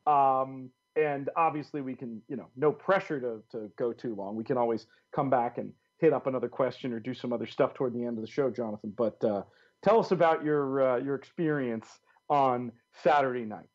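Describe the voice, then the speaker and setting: A man hosting a podcast in a relaxed way, prompting his guest. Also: mid-range voice, fairly quick, dull audio. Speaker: podcast host. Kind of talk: casual podcast chat.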